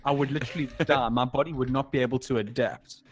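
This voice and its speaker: A man co-hosting a casual gaming podcast, complaining with deadpan exaggeration. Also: medium pitch, fast, slightly rough. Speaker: podcast co-host. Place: in Africa.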